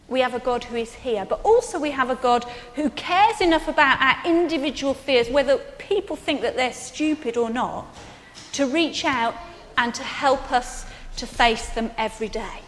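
A woman preacher giving a sermon in animated storytelling, turning soft and earnest at key points. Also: high-pitched, a little slow, big-room sound.

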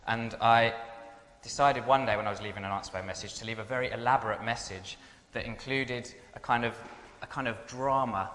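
A man with a brisk, mid-range, fairly bright voice tells funny personal stories to an audience in a chatty, self-deprecating style. The sound carries the long reverb of an echoey hall.

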